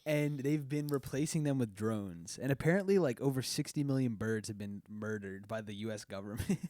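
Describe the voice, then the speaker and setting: A man's voice: mid-range voice, normal speed, dark tone, no room sound. A man hosting a casual podcast chat, laughing often and rambling with lots of fillers. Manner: giggly, rambling with many fillers. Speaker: podcast host.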